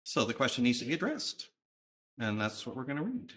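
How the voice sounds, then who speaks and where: A male preacher delivers a sermon in a conversational yet emphatic way, pausing to think. His pitch moves widely and his tone is bright and forceful. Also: very animated.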